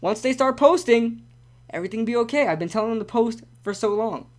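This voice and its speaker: A man's voice: extremely high pitch, fairly quick. Rambling young man ranting sports talk. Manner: rambling, animated ranting with repeats. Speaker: sports talk streamer host. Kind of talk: casual live-stream sports talk.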